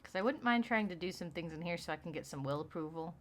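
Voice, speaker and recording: A man's voice: a little high, animated, fast, fairly bright tone. A man from Texas streaming a game, chatting in a rambling, self-mocking way and laughing often. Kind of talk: casual chat while gaming.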